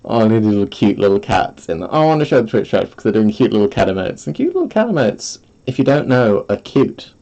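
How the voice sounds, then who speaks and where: A man's voice: lowish voice, fast, creaky, hardly any pauses, mellow, highs cut off. A man chatting casually on a live stream, rambling and giggling, self-deprecating, close to his microphone. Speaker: vtuber streamer. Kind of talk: casual livestream chat. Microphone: streaming mic, close.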